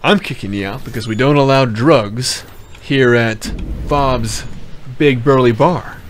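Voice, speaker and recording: A man voicing a calm, stubborn male bartender, drawing out his refusals, with music behind. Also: mid-range voice, slight background noise, close to an everyday voice. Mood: deadpan. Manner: calm, drawn-out, rhythmic refusals.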